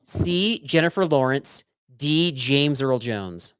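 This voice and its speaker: A man's voice: medium pitch, lively intonation, slow pace, a bit bright, smooth, no room sound, clean studio sound. A man co-hosting a podcast, playfully reading trivia questions like a teacher and thanking supporters in casual chat. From Colorado. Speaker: podcast co-host.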